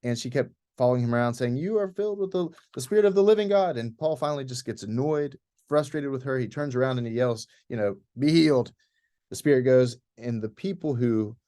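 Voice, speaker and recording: A man giving an informal, conversational presentation to a church group about a planned trip, leading it as clergy. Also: mid-range voice. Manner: relaxed, conversational with many restarts. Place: church hall.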